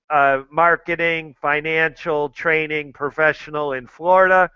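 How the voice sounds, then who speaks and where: Middle-aged American male host, chatty and repetitive, with a clear, rather high voice. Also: pushed and bright, no echo, highs cut off. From United States. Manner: addresses listeners directly, chatty and repetitive. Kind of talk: casual talk to listeners.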